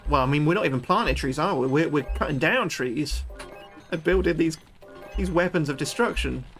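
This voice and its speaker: A British man livestreams a game, talking to his viewers in a chatty, excitable way and swearing freely. His voice sits fairly high with a gravelly edge, and soft game music plays behind him. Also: brisk. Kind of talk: live gameplay commentary chatting with viewers.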